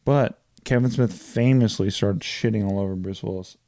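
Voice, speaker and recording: Profane, animated man with a dark tone. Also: lowish voice, moderate pace, creaky, dry recording, clean studio sound. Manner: profane, animated retelling of movie plots. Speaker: podcast co-host. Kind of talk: casual storytelling chat.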